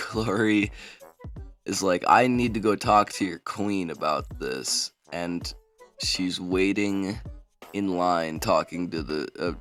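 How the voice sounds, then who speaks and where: A man's voice: extremely low pitch, a bit bright. A man casually retelling a fantasy book, rambling with lots of fillers. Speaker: book summary vlogger.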